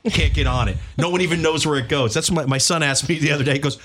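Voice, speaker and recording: A man's voice: fairly high pitch, big pitch swings, racing, few pauses, fairly bright tone, slightly rough. A man hosting a casual chat with friends, going off on mock-dramatic rants. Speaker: podcast host. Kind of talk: casual banter among friends.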